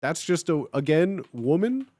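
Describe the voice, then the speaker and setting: Halting male livestreamer, slightly high, dry. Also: big pitch swings, warm tone, dry recording. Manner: halting, with many filler sounds and restarts. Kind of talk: casual livestream chat with viewers.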